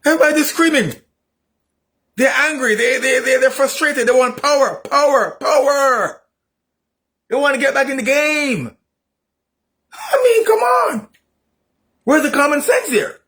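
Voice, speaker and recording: A man delivering an opinionated political monologue, repeating himself emphatically and rising into shouts. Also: very high-pitched, normal speed. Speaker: political commentator.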